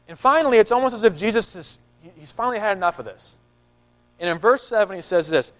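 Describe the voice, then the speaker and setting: High-voiced preaching man. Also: lively intonation, quick pace, fairly bright tone, rough recording. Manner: conversational preaching with repeated words and acted-out voices. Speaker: pastor. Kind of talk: sermon.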